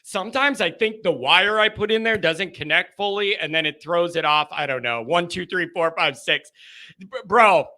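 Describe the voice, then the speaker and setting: A man hosting a live call-in sports show, chatting casually and telling stories in animated, rambling bursts. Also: high voice, moderate pace. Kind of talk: casual live-stream chat and storytelling.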